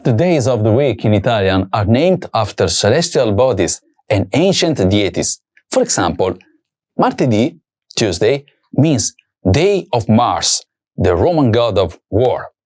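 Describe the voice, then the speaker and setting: A man teaching a language lesson, saying words slowly and carefully and repeating each one for learners. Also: lowish voice, big pitch swings, a little mellow.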